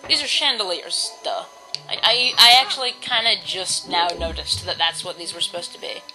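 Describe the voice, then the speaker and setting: A woman's voice: on the low side, normal speed, low-quality recording. A woman giving casual, rambling commentary while playing a video game, with many ums and restarts. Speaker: let's play host. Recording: game music in the background.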